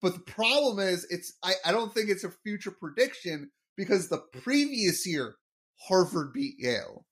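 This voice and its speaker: Joking man with a lively voice. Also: sits high, normal speed. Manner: joking, laughs often, explains trivia. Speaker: podcast co-host. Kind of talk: casual episode recap chat.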